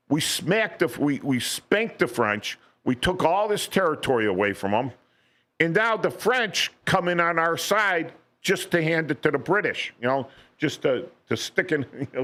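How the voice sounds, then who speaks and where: A man's voice: on the high side, big pitch swings, moderate pace, pushed and bright. A man on local radio talking history in a casual way, often repeating words and asking "right?". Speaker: radio guest. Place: radio studio.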